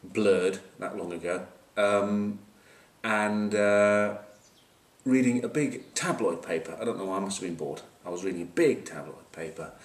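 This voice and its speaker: A man's voice: on the low side, unhurried. A man giving a casual rugby match preview, wry and joking, with lots of fillers and asides, recorded on a camcorder at a distance. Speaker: rugby pundit. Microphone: camcorder mic at a distance. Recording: roomy, distant camcorder sound.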